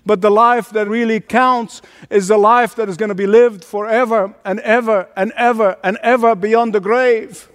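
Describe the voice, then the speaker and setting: A man's voice: sits high, steady tone, moderate pace, few pauses, in a large hall. A man preaching a sermon as pastor, emphatic and repeating his phrases for force.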